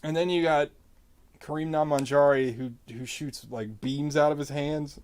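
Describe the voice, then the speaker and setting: A man vlogging while he draws, ranting casually about a movie in a rambling, profane way, his voice jumping up in pitch when he gets exasperated. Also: fairly even intonation, normal speed, a little mellow. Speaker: artist vlogger. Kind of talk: casual rant while drawing.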